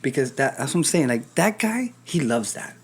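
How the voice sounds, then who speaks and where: Animated man telling stories on a podcast. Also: medium pitch, normal speed, breathy edge. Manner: animated storyteller, acts out quoted voices, swears casually. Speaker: podcast host. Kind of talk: casual chat.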